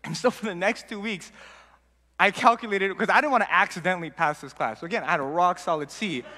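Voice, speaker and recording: A young man telling a casual personal story, animated and acting out the people in it. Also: high-pitched, fast. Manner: animated, acts out quoted dialogue. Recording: long reverb.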